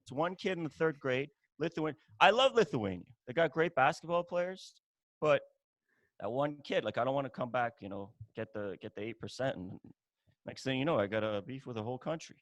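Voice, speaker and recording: A man's voice: mid-range voice, lively intonation, a little fast, fairly bright tone, no echo. A man from Iran, a guest on a podcast, bantering with jokes and mock indignation in casual chat.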